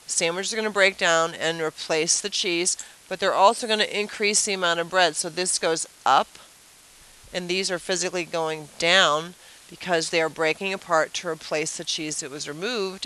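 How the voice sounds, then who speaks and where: A woman teacher runs a casual review lesson at the whiteboard, her voice bright and clear. She keeps throwing questions at the class and explains with playful everyday comparisons. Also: lowish voice, fairly even intonation, normal speed, poor audio. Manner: chatty, asks the class rhetorical questions.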